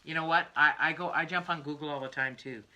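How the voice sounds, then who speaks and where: An older woman rambles through a crafting livestream, her voice low yet bright and forward. She laughs easily and wanders off into little asides. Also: steady tone, quick pace. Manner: chatty, laughs often, trails off into asides. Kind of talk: rambling casual chat.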